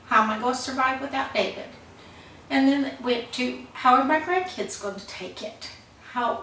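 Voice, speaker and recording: A woman's voice: on the high side, a bit bright. An older woman telling her personal life story in a plain-spoken, heartfelt way. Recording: echoey room, voice from far off, faint noise.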